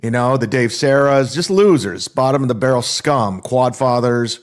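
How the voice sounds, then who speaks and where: A man's voice: mid-range voice, moderate pace. A stand-up comedian man in a casual monologue, boastful and defensive, swearing freely. His voice sits in an ordinary middle range for a man.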